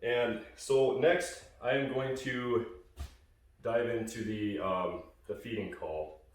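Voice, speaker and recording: A man's voice: medium pitch, slow pace, heavy reverb, far from the mic. A man casually explaining goose calling in a hunting call tutorial, rambling with fillers and restarts.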